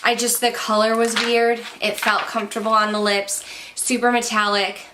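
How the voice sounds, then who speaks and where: A woman's voice: a little high, flat delivery, moderate pace, pushed and bright, a little hiss or hum. A young woman vlogging a casual makeup product review, chatty and candid, sounding slightly out of breath. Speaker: beauty vlogger.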